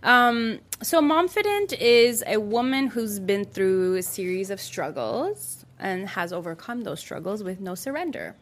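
A woman talking in a casual chat as a guest author, lively, acting out other people's lines as she tells stories. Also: medium pitch, measured pace, slight background noise. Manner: animated, acts out quoted people in raised voices.

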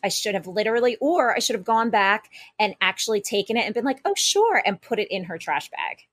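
A woman's voice: mid-range voice, brisk, fairly bright tone, breathy edge, no room sound, clean studio sound. A woman co-hosting a casual podcast, telling a rambling story with many restarts and asides. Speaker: podcast co-host.

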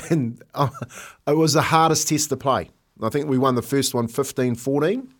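A middle-aged New Zealand man swapping stories on a podcast. His voice sits at a middling pitch, and he gets animated as he talks, laughing through his own anecdotes. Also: moderate pace. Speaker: podcast co-host, former rugby league player. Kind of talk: casual storytelling chat.

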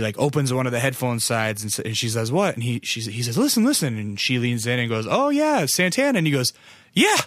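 A man's voice: mid-range voice, a bit bright, no echo. A young American man hosting a podcast, talking casually and rambling with lots of fillers and swearing. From United States. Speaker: podcast host.

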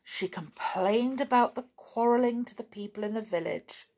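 A woman reading a children's story aloud in an expressive, unhurried way. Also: on the high side.

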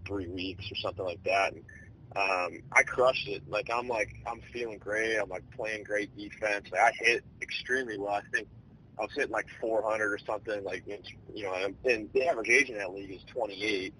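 A man in his twenties, a baseball player, telling his story in a relaxed, rambling way with many fillers. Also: on the low side, a little fast, a little hiss or hum, rough recording. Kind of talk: casual storytelling interview.

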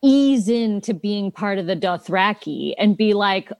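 A woman's voice: mid-range voice, animated, a little slow, darkish tone, smooth, no echo. A woman actress chatting as an interview guest, playful and laughing often. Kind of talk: casual interview chat.

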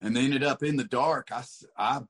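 A man's voice: mid-range voice, fairly quick, fairly bright tone, slightly rough. Easygoing man, dude-and-buddy talk. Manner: easygoing, calls people dude and buddy, swears. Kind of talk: casual chat.

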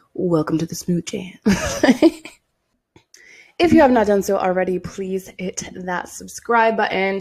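A woman in her twenties hosting a casual solo podcast, hoarse and raspy from losing her voice, talking bluntly and swearing freely. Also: mid-range voice, darkish tone. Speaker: podcast host.

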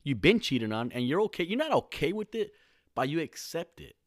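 A man's voice: on the high side, big pitch swings, fairly quick, dry recording, studio quality. A man in his thirties from California, talking alone in a casual, rambling, profane podcast monologue full of slang.

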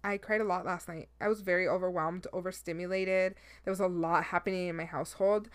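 A woman's voice: on the low side, steady tone, a little fast, clean tone, dry recording. A young woman hosting her own podcast, chatting candidly and emotionally, now and then dropping in Spanish words. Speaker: podcast host. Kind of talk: casual solo podcast chat.

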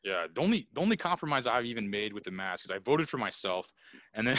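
A man's voice: mid-range voice, big pitch swings, brisk, a bit bright, no echo. A man in casual podcast chat, rambling and ranting with heavy profanity and constant fillers.

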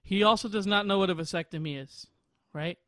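A high-voiced young man in his twenties rambles through a story on a podcast, often breaking into laughter. The sound is dry and close, with no room around it. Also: brisk, bright, forceful tone, dry recording. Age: 20s. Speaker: podcast host. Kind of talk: casual chat.

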